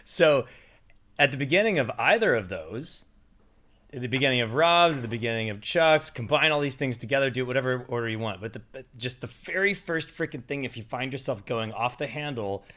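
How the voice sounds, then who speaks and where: A man's voice: medium pitch, animated, a little fast, sharp tone. A man coaching a breathing exercise in an emphatic, casual way. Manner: emphatic, guides breath counts aloud. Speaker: panel speaker.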